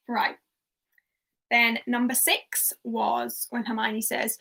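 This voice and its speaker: A young woman hosting a casual livestreamed pub quiz, chatty and laughing softly as she reads out quotes and answers. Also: fairly high pitch, flat delivery, very slow, vocal fry, pauses often.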